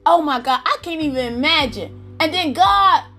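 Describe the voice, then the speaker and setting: A woman's voice: high voice, animated, normal speed, bright, forceful tone, soft background music. A woman preaching a fervent sermon, calling out to her listeners and exclaiming praise as she goes.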